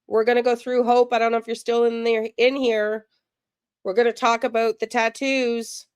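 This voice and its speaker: A woman hosts a live stream and chats straight to her viewers, often breaking into giggles. Her voice sits a little high. The recording is dry and close, with no room sound. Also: level tone, normal speed, a little mellow, clear, resonant tone, dry recording. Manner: chatty, giggly, talks to viewers. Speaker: true crime livestream host.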